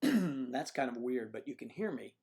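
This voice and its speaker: A man hosting a casual livestream, talking through technical trouble, with a gravelly voice and frequent throat clearing as he mutters to himself while checking his settings. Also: medium pitch, very animated, normal speed, a little mellow. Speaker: livestream host. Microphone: computer microphone at a desk.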